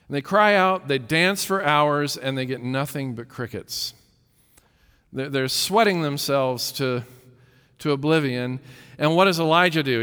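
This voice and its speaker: Male preacher, slightly raised pitch, emphatic and questioning, long hall reverb. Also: fairly bright tone, smooth. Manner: emphatic, rhetorical questions, repeats words. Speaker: pastor. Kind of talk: sermon.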